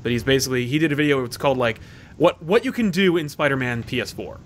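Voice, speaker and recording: A man's voice: medium pitch, expressive, fast talker, slight background noise. A young man co-hosting a casual podcast chat, rambling with many fillers and restarts. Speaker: podcast co-host.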